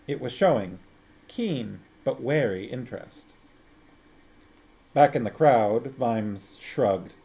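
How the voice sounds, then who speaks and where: A man's voice: medium pitch, dark tone. A man streaming, reading a novel aloud expressively and chatting with viewers. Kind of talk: audiobook-style narration and chat.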